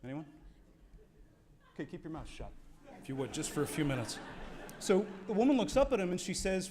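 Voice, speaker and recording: A man's voice: fairly high pitch, very animated, quick pace, pauses often, darkish tone, slight background noise. A man presenting an award at an evening banquet, telling a wry parable with dry asides to the room. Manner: wry storytelling, playing to the room. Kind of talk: after-dinner speech with a joke. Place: banquet hall.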